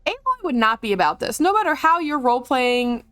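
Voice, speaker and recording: An excitable woman commentating on a video game during a live stream, chatting freely and swearing. Her voice sits fairly high and leaps around in pitch. The sound is close and dry, with faint game music underneath. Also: brisk, clean tone, no echo.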